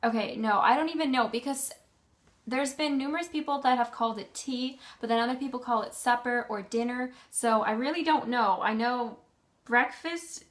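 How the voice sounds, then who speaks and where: A woman's voice: a little high, normal speed. A young woman vlogging in a casual, rambling way, full of ums and self-corrections. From Canada. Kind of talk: casual chat.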